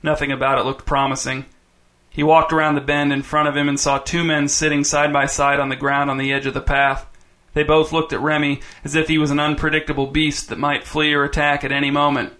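A man's voice: a little high, flat delivery, fairly quick, pushed and bright. A man reading a story aloud in scripted narration, with a dry, wry delivery.

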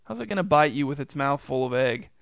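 A man voicing a reckless young boy who talks in a low, offhand and dismissive way. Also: expressive, quick pace, vocal fry, a bit bright, no echo.

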